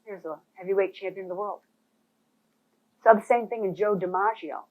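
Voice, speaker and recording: A woman's voice: mid-range voice, normal speed. A woman leading a real estate boot camp presentation, emphatic and talking straight to the people in the room. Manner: animated, emphatic, addresses audience directly. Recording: phone-like thin sound.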